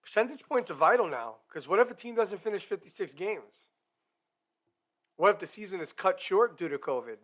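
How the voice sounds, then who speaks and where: A man's voice: high voice, sing-song, normal speed, fairly bright tone. A man hosting a hockey talk live stream, chatty and upbeat, talking straight to his viewers. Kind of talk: casual live-stream chat.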